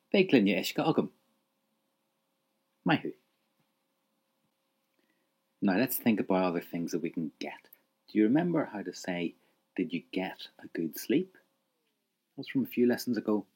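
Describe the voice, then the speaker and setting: A language teacher with a lowish, breathy-edged voice leads a spoken lesson, patiently prompting the listener to repeat phrases and praising each answer.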